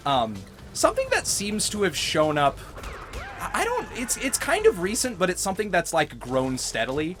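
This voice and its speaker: A man's voice: high voice, wildly swooping pitch, moderate pace, background noise. A middle-aged man chatting casually while playing a video game, telling rambling stories and laughing often. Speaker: gaming host. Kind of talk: casual let's-play chat.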